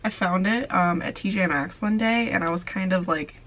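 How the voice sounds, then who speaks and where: A woman's voice: fairly low pitch, moderate pace, a bit bright, low-quality recording. A young woman vlogger, tired and sleepy, chatting casually through a makeup tutorial with lots of filler words. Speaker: beauty vlogger.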